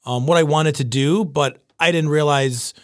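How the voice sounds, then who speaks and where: A man's voice: fairly high pitch, moderate pace, dry recording, clean studio sound. A man, a chef telling his story in casual interview chat, rambling and acting out the voices of the people he quotes. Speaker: chef and pizza shop owner.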